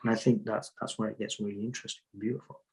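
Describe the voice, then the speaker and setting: Husky-voiced man telling stories. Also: fairly low pitch, level tone, rapid-fire, a little mellow, poor audio. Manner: storytelling, repeats words, jokey asides. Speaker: Sufi teacher, guest. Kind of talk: conversational interview answers.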